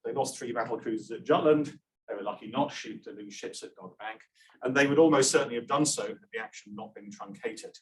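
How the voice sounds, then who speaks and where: A man's voice: mid-range voice, quick pace, rough recording. Wry man giving an academic lecture. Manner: wry asides, frequent "um" restarts. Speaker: conference presenter.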